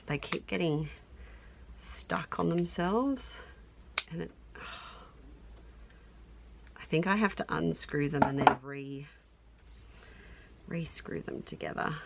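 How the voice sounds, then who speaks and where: Unhurried Australian crafter, middle-aged, gravelly tone, chatty and self-amused as she thinks aloud. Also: fairly low pitch, noisy background. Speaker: craft YouTuber. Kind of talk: casual crafting narration.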